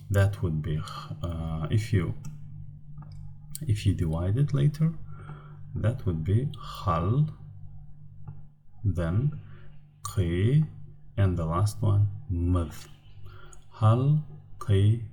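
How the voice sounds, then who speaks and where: A man with a Turkmen accent, a native Turkmen speaker teaching a grammar lesson in English, explaining slowly and carefully with frequent hesitations. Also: low-pitched, warm tone. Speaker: language teacher.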